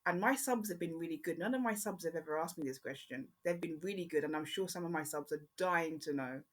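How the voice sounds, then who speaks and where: A woman born in Jamaica, speaking with an English accent, hosting her own podcast in a chatty, rambling way with frequent pauses. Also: sits low. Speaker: podcast host. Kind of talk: casual solo podcast chat.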